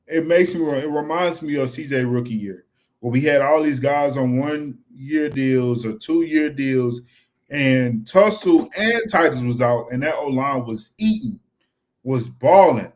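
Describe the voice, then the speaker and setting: A man's voice: mid-range voice, measured pace. A young man, chatting casually and animatedly as a fan-show co-host. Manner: animated, repeats "you know what I'm saying".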